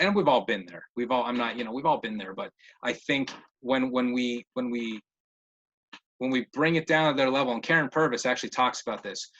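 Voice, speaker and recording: A man's voice: mid-range voice, a bit bright, highs cut off. A man answering questions in a casual webinar as a behavior interventionist, often repeating words as he thinks, over a video call. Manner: repeats words while thinking, many fillers.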